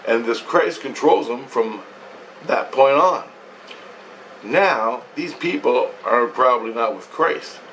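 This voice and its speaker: A man recounts a strange dream in a loose, wandering way, full of casual swearing and repeated phrases. His voice sits at an ordinary middle pitch. He is set back from the microphone, with faint ambient noise underneath. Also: lively intonation, slow, a bit bright, distant mic, poor audio. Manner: meandering, profane, repeats himself. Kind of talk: rambling first-person dream account.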